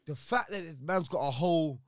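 A young man talks in a high, fairly light voice, arguing his case in a loose, slangy conversation. He cuts in, repeats himself and presses his points. The sound is dry and close. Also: brisk, dry recording. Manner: animated, argumentative, slang-heavy. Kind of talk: casual chat.

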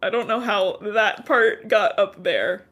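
A woman's voice: mid-range voice, slow pace, a bit bright. Chatty woman recapping a book. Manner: swears freely, retells story with many likes. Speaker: podcast co-host. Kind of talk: casual book recap chat.

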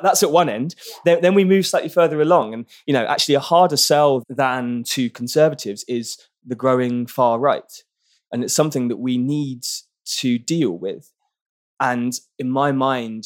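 Earnest guy from britain on a podcast, thinks out loud, lots of restarts. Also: medium pitch. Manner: earnest, thoughtful, with frequent restarts. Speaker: barrister and activist guest. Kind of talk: podcast interview.

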